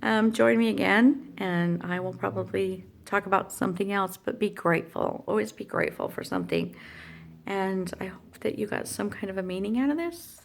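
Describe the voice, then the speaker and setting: Middle-aged woman vlogger, mid pitch with vocal fry, emotional, rambling delivery. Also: normal speed, a little hiss or hum. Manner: emotional, rambling, with many fillers and restarts. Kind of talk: personal story vlog.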